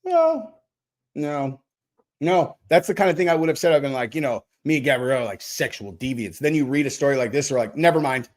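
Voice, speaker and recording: A man's voice: mid-range voice, quick pace. A man hosting a casual livestream, rambling and swearing freely while joking with his chat. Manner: rambling, profane, jokey. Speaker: host.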